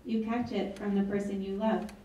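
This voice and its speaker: A woman's voice: mid-range voice, little pitch movement, normal speed, dark tone, recorded from a distance, lo-fi sound, slight background noise. A woman author reading her book aloud at an event, with wry, chatty asides. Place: event hall. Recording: echoey hall, mic from afar.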